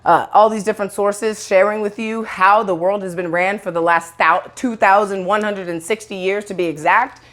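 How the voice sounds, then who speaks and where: A woman's voice: medium pitch, fairly even intonation, moderate pace, few pauses, fairly bright tone. A woman in a casual monologue to camera, blunt and profane, rambling with restarts and acting out quoted voices. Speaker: online video host.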